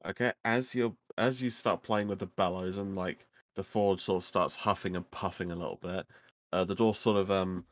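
A man running a tabletop game, his voice very low and dry. He narrates haltingly, full of ums and uhs. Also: fairly even intonation, no echo. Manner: halting, many fillers. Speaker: game master.

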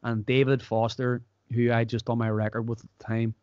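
A man's voice: medium pitch, brisk, clear, resonant tone, no room sound, highs cut off. An Irish man hosting a podcast, chatting casually and acting out the people in his stories. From Ireland. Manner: animated storyteller, acts out quotes. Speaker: podcast host. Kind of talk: casual chat.

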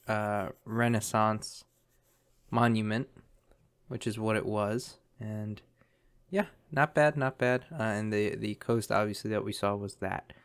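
A man's voice: lowish voice, clear, resonant tone. A man commentating a map guessing game, thinking aloud in a chatty way with lots of ums. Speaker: game streamer.

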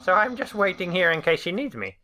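A boastful male skeleton bounces through his lines in a brash, showy tone, as a woman puts him on. The pitch jumps well above her own deep voice and swings around a lot, with a bright edge. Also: big pitch swings, brisk, a little hiss or hum, heavily acted.

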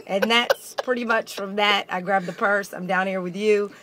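A woman, a program director, calmly answering questions on live radio. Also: mid-range voice, moderate pace, hardly any pauses. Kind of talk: on-air interview answers. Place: radio station building.

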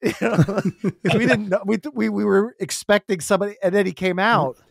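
A man guesting on a podcast, telling a lively anecdote and acting out his own reactions. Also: sits high, brisk, vocal fry, dry recording, clean studio sound. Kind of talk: casual chat.

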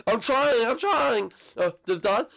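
A timid young turtle prince whines and pleads in a high, wobbling voice, as a man puts him on. A gravelly edge runs under his complaining in this voiced game role-play. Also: expressive, a little slow, bright, forceful tone, exaggerated voice. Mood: whiny.

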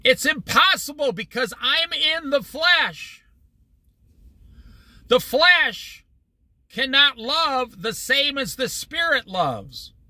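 A man leading a Bible study in a high, very bright voice that swings widely in pitch. He preaches conversationally and with humor, often slipping into quick everyday voices. The sound is dry and close. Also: sing-song, no echo.

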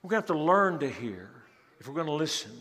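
A male pastor preaching a sermon in a church, speaking in an animated, emphatic way and acting out scripture scenes. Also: a little high, fast talker. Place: church sanctuary. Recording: long church hall reverb.

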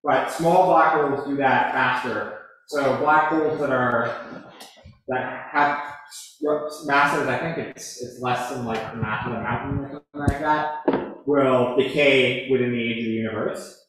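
A man's voice: mid-range voice, steady tone, measured pace, a bit bright. A man, an astrophysicist, answering audience questions at a public lecture, thoughtful and hedging with many restarts. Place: lecture hall. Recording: echoey hall.

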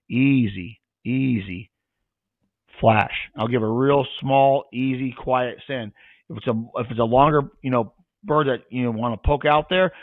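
A man's voice: mid-range voice, no room sound. A man who trains retrievers, talking casually on a podcast and acting out his handling commands as he explains them. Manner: plain-spoken, demonstrates commands aloud. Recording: tinny phone-like sound.

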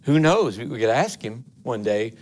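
A man's voice: mid-range voice, lively intonation, normal speed, a little mellow. Earnest man preaching. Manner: earnest, folksy, rising to emphatic. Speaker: assistant pastor. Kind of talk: conversational sermon. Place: church sanctuary.

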